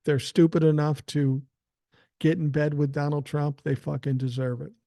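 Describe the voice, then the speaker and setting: A man's voice: fairly high pitch, flat delivery, normal speed, gravelly, mellow, dry recording, studio quality. An older man hosting a podcast, talking in a blunt, profane and self-assured way. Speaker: podcast host. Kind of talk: casual political commentary.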